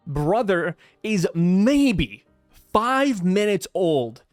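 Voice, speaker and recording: A man hosting his own manga review videos, talking casually with excitable, slangy asides. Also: high voice, no room sound, clean studio sound. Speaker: manga review channel host.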